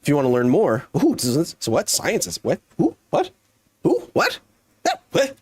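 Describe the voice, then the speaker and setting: A man's voice: fairly high pitch, huge pitch swings, normal speed, breathy edge, no room sound, clean studio sound. A man in his thirties giving playful, jokey live commentary while streaming a game. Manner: playful, jokey, slips into silly voices and exclamations. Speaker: gaming streamer.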